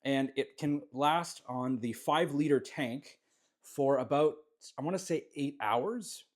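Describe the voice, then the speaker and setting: A man from Canada giving a relaxed, rambling tour of his small home jewellery workshop, with plenty of fillers and restarts. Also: medium pitch, measured pace. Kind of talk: casual walkthrough vlog.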